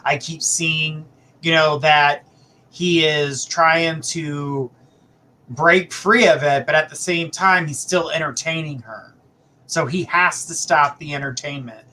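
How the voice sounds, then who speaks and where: A man's voice: on the high side, fairly even intonation, unhurried, bright, forceful tone, slight background noise. A man hosting a live psychic reading, giving blunt, emphatic advice with repeated phrases. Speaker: psychic reader, show host.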